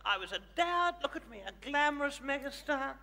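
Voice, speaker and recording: A man's voice: extremely high pitch, lively intonation, brisk, exaggerated voice. A man playing a flamboyant older Australian woman, a self-styled glamorous megastar, teasing the audience with theatrical endearments in a live stage comedy show. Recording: live theatre with long reverb, loud crowd.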